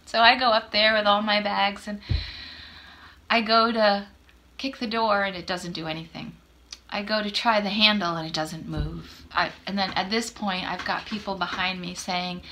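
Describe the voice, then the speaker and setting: A woman's voice: medium pitch, bright, forceful tone. A woman in her fifties hosting a podcast, telling a personal story in a chatty, self-deprecating way and acting out the dialogue. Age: 50s. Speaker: podcast host. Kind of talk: casual storytelling chat.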